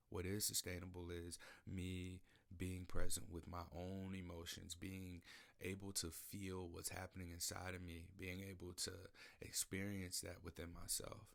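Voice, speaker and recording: In a recording studio, a podcast host delivers an emotional, searching personal monologue and often repeats himself. His voice is low, creaky, and a bit bright.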